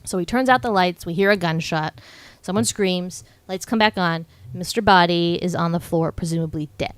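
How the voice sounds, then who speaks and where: A young adult woman co-hosting a podcast, casually recapping a film and acting out characters' lines in quick put-on voices. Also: lowish voice, clean tone, no echo. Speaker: podcast co-host.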